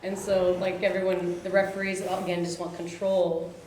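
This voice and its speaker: A woman's voice: on the low side, level tone, normal speed, darkish tone. A woman, a coach in the audience, adding a thoughtful comment to the discussion. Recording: echoey room with faint background noise.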